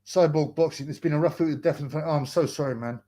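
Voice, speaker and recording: A man's voice: on the high side, fast talker, warm tone. A young man hosting a casual livestream, rambling in slang, mocking a rival and reading viewer comments aloud. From United Kingdom. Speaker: livestream host.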